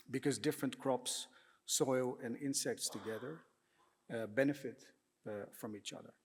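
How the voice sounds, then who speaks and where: A man giving a prepared panel talk, measured and hesitant, with frequent "uh"s and throat clearing. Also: mid-range voice. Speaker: panel speaker, architect. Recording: echoey lecture hall.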